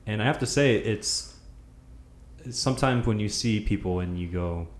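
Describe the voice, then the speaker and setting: A man's voice: lowish voice, moderate pace. A man hosting a podcast interview in an easygoing way, leading with questions about his friend's past. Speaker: podcast host. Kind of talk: casual interview. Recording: echoey room with faint noise.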